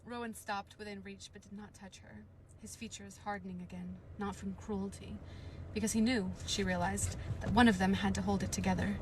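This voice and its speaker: A woman on a live stream, reading a novel aloud and breaking into loud, panicked reactions and swearing, from inside a car. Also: medium pitch, little pitch movement, normal speed, slight background noise.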